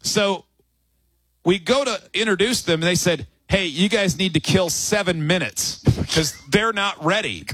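Brief: male radio co-host, husky, high and lively, spins a comic yarn at the mic. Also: unhurried, dry recording. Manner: animated storyteller, acts out quotes. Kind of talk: morning radio banter, storytelling. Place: radio studio on location at a bar.

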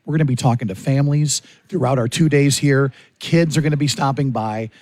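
A man's voice: mid-range voice, fairly quick, a little mellow, no echo. Upbeat male radio host, dry sound. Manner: upbeat, urging listeners to call. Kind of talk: morning radio fundraiser chat.

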